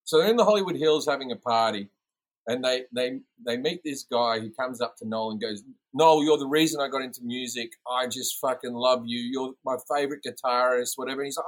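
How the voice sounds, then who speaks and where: A man's voice: mid-range voice, brisk, rough recording. A man with an Australian accent telling rowdy stories in casual chat, swearing often and imitating people as he goes. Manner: swearing, animated storyteller who imitates people. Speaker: comedian podcast guest.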